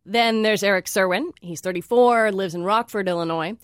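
A woman's voice: medium pitch, normal speed, no echo. A woman hosting a radio interview show in a studio, friendly and lightly teasing with her callers.

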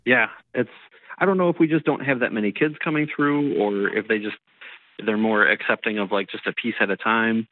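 A man's voice: lowish voice, brisk, no room sound. A man in his thirties from Illinois, talking on a radio show by phone in a laid-back, rambling way with frequent chuckles. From Illinois, USA. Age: 30s. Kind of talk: casual phone interview. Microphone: telephone. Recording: tinny phone line.

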